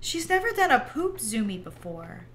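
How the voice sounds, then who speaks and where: A young woman livestreaming, chatting casually while she plays a game, rambling and animated with lots of "like" and quick bursts of laughter. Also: on the high side. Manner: chatty and rambling, heavy use of "like"; animated storyteller who breaks into laughter. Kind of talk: casual chat while gaming.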